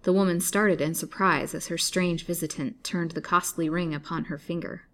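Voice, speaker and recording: A woman storyteller reading an old serialized novel aloud in a measured, dramatic way. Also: on the low side, fairly even intonation, fairly bright tone. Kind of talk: scripted narration of a serialized novel.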